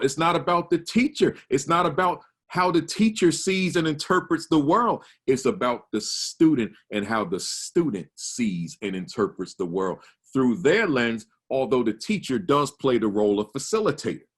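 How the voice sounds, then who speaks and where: A man's voice: mid-range voice, animated, normal speed, few pauses. A man speaking as a principal to a conference of educators, emphatic and repetitive, stressing single words and restarting his sentences. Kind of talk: conference talk. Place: home or office, virtual conference.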